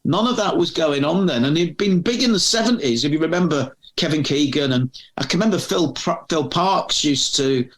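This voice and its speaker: As a podcast guest, a middle-aged ex-magazine editor rambles through anecdote after anecdote in casual conversation, restarting his sentences often. His voice is a little high and expressive, at a moderate pace with hardly any pauses.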